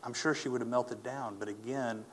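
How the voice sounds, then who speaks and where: A man telling a personal faith testimony as a story, earnest and animated, acting out the people he quotes. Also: mid-range voice, moderate pace, slight background noise. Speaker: speaker giving a personal testimony.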